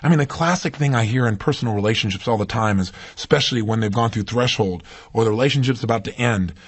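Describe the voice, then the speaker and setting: A man with a husky, rough-edged voice delivers a motivational talk at a brisk clip. He speaks with emphasis and keeps turning to the listener with rhetorical questions. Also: medium pitch.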